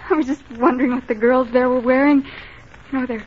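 An actress voices a shy young woman from a small town, gentle and curious, asking earnest questions. Her voice sits a little high. The old radio broadcast sounds muffled, with faint hiss. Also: steady tone, fast, lightly acted. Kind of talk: 1940s radio acting.

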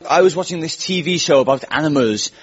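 A man's voice: a little high, quick pace, very noisy. A man doing a stand-up comedy monologue as host, telling self-mocking stories in a wry way. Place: live venue with audience. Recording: lo-fi live recording with audience laughter. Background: audience laughter.

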